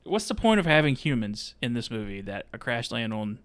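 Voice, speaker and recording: A man co-hosting a casual movie podcast, slowly working through his points with many restarts. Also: mid-range voice, very animated, fairly bright tone, no echo, studio quality. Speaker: podcast co-host. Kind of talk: casual movie review chat.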